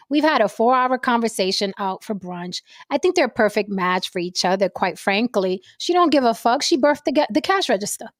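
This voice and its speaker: A woman's voice: a little high, dry recording, clean studio sound. A woman hosting a podcast, ranting about celebrity gossip in a brash, profane, blunt manner. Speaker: podcast host.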